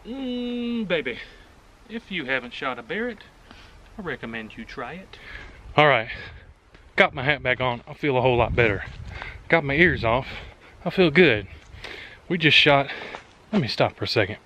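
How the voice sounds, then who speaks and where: A man's voice: mid-range voice, animated, moderate pace, pauses often, pushed and bright, a little hiss or hum. A man hosting a casual outdoor shooting demonstration, talking in a folksy, joking and enthusiastic way, recorded on an action camera outdoors at a rural range. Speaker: firearms video host.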